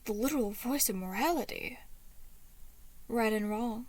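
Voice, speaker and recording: Woman doing a sly, hushed deceiver. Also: on the high side, unhurried. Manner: hushed, sly, half-whispered. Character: sly, smug, deceitful young man.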